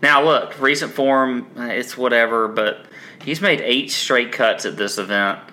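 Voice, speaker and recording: A man's voice: medium pitch, a little slow, sharp tone. A man co-hosting a podcast, chatting casually with lots of ums and restarts. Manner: rambling, frequent ums and restarts. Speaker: podcast co-host.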